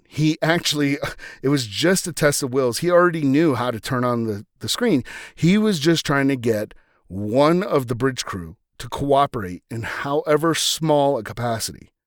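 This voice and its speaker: A man's voice: mid-range voice, no echo. Man rambling through a dry podcast recap. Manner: rambling, filler-heavy, conversational. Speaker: podcast host. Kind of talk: casual retelling of a TV episode.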